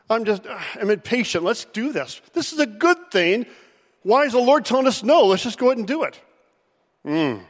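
A man preaching a sermon in an animated way, now and then acting out Bible figures' voices. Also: high-pitched. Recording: long hall reverb.

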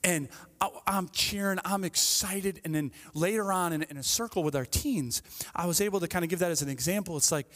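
A man's voice: on the high side, quick pace, in a large hall. Fervent middle-aged man preaching. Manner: animated storytelling, swings from hushed to fervent; frequent "right?" asides, repeats phrases. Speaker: pastor. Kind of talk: sermon.

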